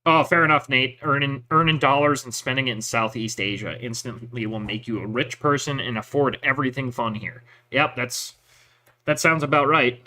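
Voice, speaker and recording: A man's voice: mid-range voice, moderate pace, sharp tone. A man and army veteran telling stories in profane, rambling casual chat. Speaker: veteran chatting with a listener.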